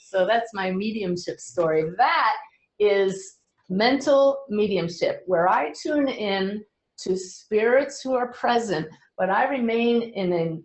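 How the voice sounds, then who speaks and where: A middle-aged woman who is a medium, speaking earnestly to a webinar audience with gentle humor. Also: medium pitch, reverberant, poor audio.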